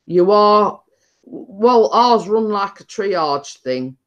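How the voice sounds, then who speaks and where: A woman's voice: medium pitch, lively intonation, extremely slow, lo-fi sound. A woman hosting a casual chat, rambling and repeating her words as she tells a story. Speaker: host.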